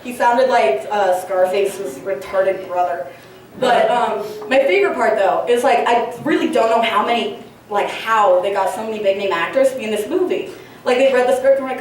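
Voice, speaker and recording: A woman's voice: on the high side, a little fast, far from the mic, slight background noise. A young woman doing a stand-up comedy set, rambling and profane, with lots of fillers and giggly asides. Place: comedy club stage, large room. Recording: very echoey room recorded from afar.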